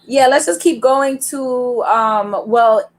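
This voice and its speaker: A woman's voice: fairly high pitch, takes it slowly. Chatty woman hosting a virtual open mic. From New York. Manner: chatty, upbeat, hesitant fillers. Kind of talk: casual hosting chat. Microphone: video call.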